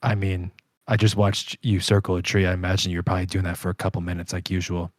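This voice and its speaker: Brief: lower-voiced man, laid-back, teasing tabletop player, dry close sound. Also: little pitch movement, fast, dry recording. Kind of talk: tabletop role-play chat.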